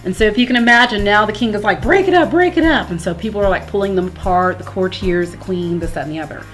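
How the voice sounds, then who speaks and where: A woman's voice: mid-range voice, steady tone. Woman, teacher, casual explanation, paraphrasing verse, faint background music. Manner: reads quoted verse slowly, then paraphrases casually. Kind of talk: explanatory read-through of a play. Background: soft background music.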